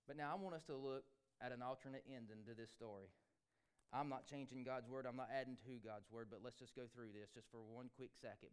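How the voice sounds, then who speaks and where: A male pastor preaching a sermon fervently, swinging between loud peaks and hushed stretches. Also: mid-range voice, clear, resonant tone.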